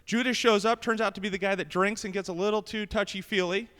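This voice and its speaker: A man's voice: high-pitched, steady tone, fast talker, a bit bright, smooth, long reverb tail. A man in his thirties doing a stand-up comedy set on a club stage, delivering punchy jokes into a handheld mic. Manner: brash, punchy joke delivery.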